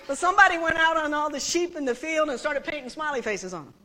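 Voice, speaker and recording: A woman preaching a sermon, telling a story in a chatty, animated way and laughing with the congregation. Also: sits high, fast. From United States.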